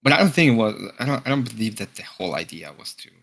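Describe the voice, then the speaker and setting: A man in a casual live stream chat, speaking hesitantly with halting restarts. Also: medium pitch, very animated, vocal fry, a bit bright.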